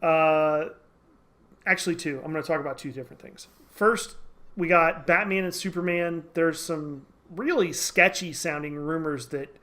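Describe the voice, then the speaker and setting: A man's voice: fairly high pitch, normal speed, pushed and bright. A man hosting a casual comic book podcast, rambling and interrupting himself as he tells a joke. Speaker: podcast host.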